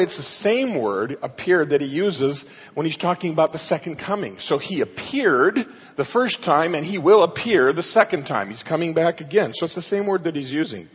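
A male pastor delivers an emphatic sermon, explaining scripture verse by verse. His voice sits a little high and carries a husky, breathy grain. The sound is dull and muffled, with a long echo trailing through a large hall. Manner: emphatic verse-by-verse Bible teaching.

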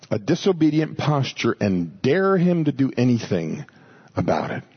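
A man preaches a sermon, teaching through a passage in an animated way, restarting phrases, repeating words, and voicing the people he quotes. His mid-range voice is slightly rough, and the sound is lo-fi.

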